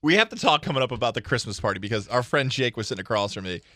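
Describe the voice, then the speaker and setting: A man co-hosting sports talk radio, easygoing and expressive, his pitch roaming widely through the banter. His voice is bright and forward. He sounds close and dry on the studio mic, with no room around him. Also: very fast, dry recording. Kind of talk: casual radio banter with live sponsor reads.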